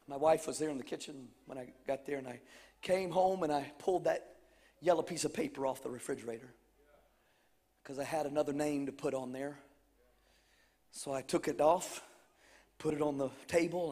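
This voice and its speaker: A man preaching a revival sermon as a missionary, telling a personal testimony and shouting fervent declarations. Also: mid-range voice, big-room sound. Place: church sanctuary.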